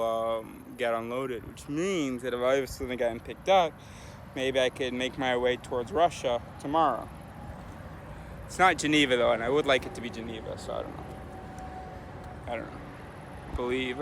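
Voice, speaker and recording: A man's voice: medium pitch, a bit bright. An American man talking casually to the camera while hitchhiking, thinking aloud with many fillers. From United States. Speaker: hitchhiking vlogger. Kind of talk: casual vlog talk to camera. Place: outdoors by a road and in a vehicle. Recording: noisy outdoor and traffic background.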